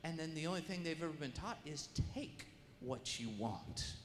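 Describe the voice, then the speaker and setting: A middle-aged man preaching a sermon and telling a story with lively acted-out voices and sound effects. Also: a little high, normal speed. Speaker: guest preacher. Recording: echoey hall with faint room noise.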